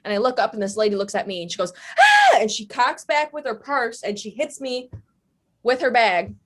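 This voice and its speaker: A woman's voice: fairly high pitch, a little fast. A young woman telling stories on a podcast in a casual, rambling way, with lots of fillers. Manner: chatty, rambling, many fillers. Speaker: podcast guest. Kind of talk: casual storytelling.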